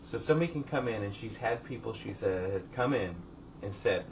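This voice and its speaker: Low-voiced guy rambling profane stories in a hot garage, far off mic, muffled and noisy. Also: brisk. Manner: profane storytelling, acts out others' lines. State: hot and sweating. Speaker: podcast co-host. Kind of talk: casual chat. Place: home garage.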